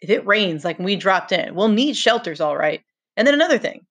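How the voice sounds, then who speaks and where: A woman's voice: mid-range voice, big pitch swings, brisk, fairly bright tone. A woman reading the lines of a frustrated, earnest boy leader in a novel, with emphatic, exasperated delivery.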